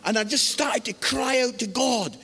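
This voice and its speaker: A man preaching a sermon, animated and exclamatory, acting out voices as he tells a story. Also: very high voice, normal speed, slightly rough. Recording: long hall reverb.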